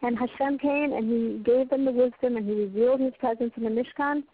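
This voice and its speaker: A woman teaches a Torah class over a tinny phone line. Her voice sits fairly high, and she speaks earnestly, her pitch rising with passion as she tells a story. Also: steady tone, fairly quick. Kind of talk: heartfelt Torah class given over a conference call.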